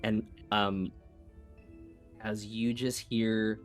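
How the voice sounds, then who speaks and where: A man's voice: on the low side, level tone, drawn-out words, faint music behind. A man playing a tabletop role-playing game, describing his character's actions dramatically. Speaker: player.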